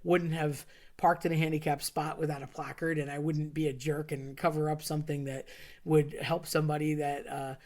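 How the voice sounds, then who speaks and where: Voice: mid-range voice, little pitch movement, normal speed, a little mellow. A person telling a true story from their school days in a casual, rambling way, with many fillers and restarts.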